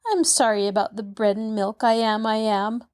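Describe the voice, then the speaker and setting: A woman voicing an excited, flustered young country housemaid, with breathless exclamations. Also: on the high side, moderate pace, natural voice.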